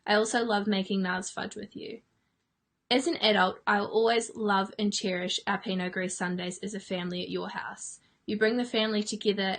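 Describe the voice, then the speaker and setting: Earnest young New woman. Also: mid-range voice. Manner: earnest and warm-hearted, scripted. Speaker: granddaughter. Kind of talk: heartfelt family tribute message.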